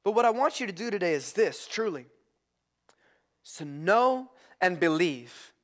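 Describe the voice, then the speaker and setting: A male pastor preaching a sermon, excitable and prone to shouting with enthusiasm. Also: high voice. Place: church.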